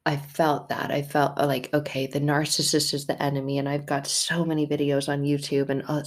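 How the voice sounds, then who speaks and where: A woman recovery coach talking candidly in a faith-based vlog, expressive and emphatic, moving from soft reflection to heated outbursts. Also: sits low, gravelly. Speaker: emotional abuse recovery coach.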